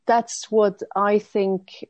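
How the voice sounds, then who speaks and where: Woman from switzerland, mellow tone, dry close sound, reflective guest, halting with restarts. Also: medium pitch, little pitch movement, no echo. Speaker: guest speaker. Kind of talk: conversational interview.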